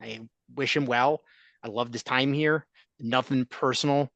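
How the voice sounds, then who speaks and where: A man's voice: medium pitch, steady tone, unhurried, gravelly, a bit bright, no echo, lo-fi sound. A man hosting a sports talk podcast, chatting casually and giving opinions in a rambling way with restarts. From Chicago area.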